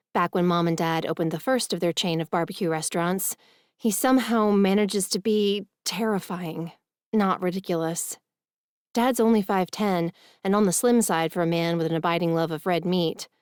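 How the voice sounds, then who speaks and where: A woman narrating a first-person romance audiobook in an expressive, emotional reading. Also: medium pitch, smooth, no echo, studio quality.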